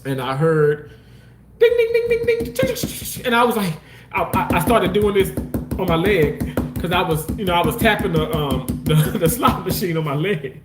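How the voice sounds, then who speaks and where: A man hosting a casual livestream, reading comments and talking loosely, swearing often and jumping into exaggerated mock voices. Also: normal speed. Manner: animated, swearing, swings into high mock voices. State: homeless, says so. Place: outdoors park.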